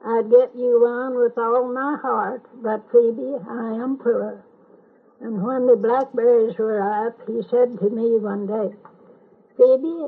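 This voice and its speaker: An older woman reciting a long poem from memory in a slow, measured, sing-song way. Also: on the high side, slightly rough. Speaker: family elder reciting a poem. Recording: tinny lo-fi home tape recording.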